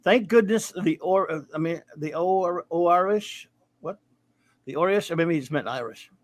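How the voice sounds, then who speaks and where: Male podcast host, wry and rambling, slightly raised pitch, very dry mic. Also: normal speed, dry recording. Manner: rambling, wry, trails off into mumbles. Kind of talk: casual review chat reading listener grades.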